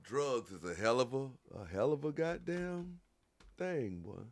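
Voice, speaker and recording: A man's voice: medium pitch, expressive, unhurried, dry recording. A man hosting a call-in show, commenting on a clip in a casual, slangy, mocking and scolding way.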